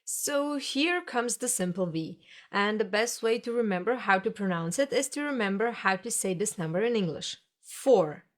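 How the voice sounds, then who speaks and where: A woman narrates a scripted language lesson at a middle pitch. She explains each sound patiently and step by step, in the manner of a teacher guiding a beginner. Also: animated, moderate pace, hardly any pauses.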